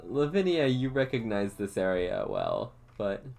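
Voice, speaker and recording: A man running a tabletop game as dungeon master, narrating haltingly with many fillers. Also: on the low side, huge pitch swings, gravelly, a little mellow, faint music behind. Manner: halting, full of fillers and laughs.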